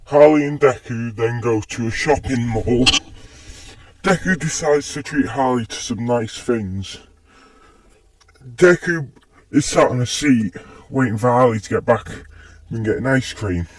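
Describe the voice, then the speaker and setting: Unhurried male storyteller reading fan fiction, mic at a distance. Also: mid-range voice, no room sound. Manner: plain, unhurried, repeated "just says". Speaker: narrator.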